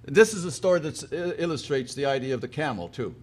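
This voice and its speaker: A man's voice: medium pitch, expressive, brisk. A man from Newfoundland telling humorous stories at a conference, folksy and repeating his words. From Newfoundland, Canada. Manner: folksy, repeats words, laughs at own jokes. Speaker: conference speaker. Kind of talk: humorous storytelling.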